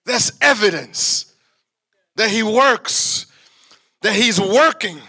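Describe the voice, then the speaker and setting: A male preacher delivering a sermon in an animated, emphatic way, repeating phrases for effect. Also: high voice, slow.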